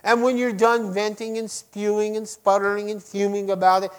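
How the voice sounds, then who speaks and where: A middle-aged man preaching to his congregation, swinging between loud emphasis and quiet lines and asking them direct questions. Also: high-pitched, fairly quick, hardly any pauses. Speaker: pastor. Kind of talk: sermon.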